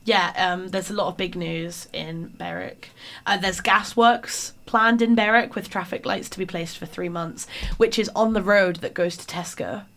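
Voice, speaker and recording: A woman's voice: fairly low pitch, normal speed, a bit bright. A young woman with a northern English accent, co-hosting a casual chat and playfully reading out local news with mock drama. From Northumberland, England. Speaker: co-host.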